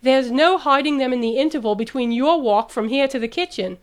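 A woman voicing a composed, practical young woman professor who reasons calmly. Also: sits high, fairly quick, close to an everyday voice.

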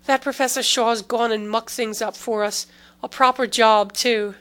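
A woman's voice: fairly high pitch, fairly even intonation, normal speed, fairly bright tone, close to an everyday voice. A woman reading the part of a tired, harried male security chief in an audiobook, giving curt, weary orders.

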